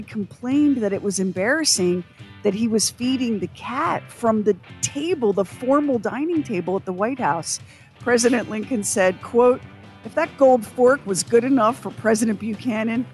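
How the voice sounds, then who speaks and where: A woman's voice: on the high side, expressive, normal speed, darkish tone, faint music behind. A woman co-hosting a radio show, telling an anecdote in casual banter. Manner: storytelling, reads sponsor copy.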